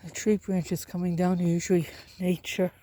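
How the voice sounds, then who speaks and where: A man narrates his walk down a country road into the phone he's holding, short of breath from the exercise. His voice sits high and stays level, with little rise and fall. He mutters quick, offhand comments about what he passes. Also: level tone, dark tone. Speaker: vlogger. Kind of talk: casual walking vlog narration. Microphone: phone held while walking.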